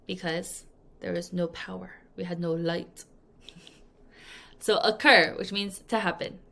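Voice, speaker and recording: A woman teaching an English vocabulary lesson, drilling words clearly with repeat-after-me prompts and acting out examples playfully. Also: medium pitch, fairly bright tone. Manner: playful, acts out example sentences. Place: language school in Korea.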